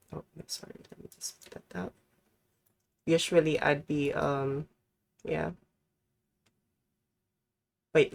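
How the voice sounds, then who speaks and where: A woman's voice: deep voice, vocal fry. A young woman from the Philippines, chatting casually with her live viewers in a rambling way, full of fillers. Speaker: streamer.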